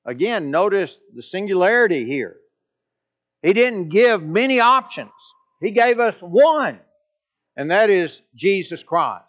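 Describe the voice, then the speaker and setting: A man's voice: big pitch swings, a little slow, fairly bright tone. A man preaching a sermon, leaning hard on key points and pushing his voice up to stress them. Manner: emphatic, with pitch rising on key points. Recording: dull lo-fi recording.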